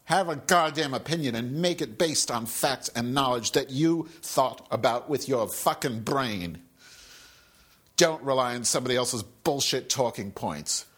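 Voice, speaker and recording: A man's voice: mid-range voice, unhurried, a bit bright, husky. A man hosting a solo podcast, ranting angrily and profanely with sarcastic, rambling asides. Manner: angry, sweary, sarcastic. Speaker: podcast host.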